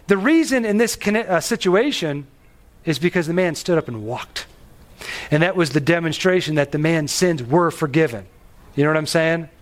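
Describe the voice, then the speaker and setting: Guy preaching a sermon, pretty high voice, gets worked up and emphatic. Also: moderate pace. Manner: animated preaching, rising emphatic pitch on key phrases. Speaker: pastor.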